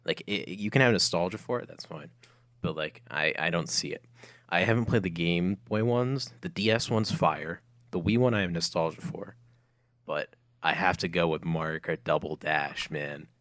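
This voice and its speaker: Young man, very low voice, joking, energetic, dry mic. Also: moderate pace, dry recording. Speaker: podcast co-host. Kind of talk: casual chat.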